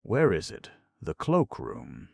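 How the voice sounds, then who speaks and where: A man's voice: lowish voice, wildly swooping pitch, takes it slowly, creaky, a little mellow, husky, no room sound, pitched above the performer's own voice, heavily acted. Pink-faced fussy young gent, exasperated and spluttering, voiced by a male narrator, dry close read. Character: flustered, indignant young man-about-town.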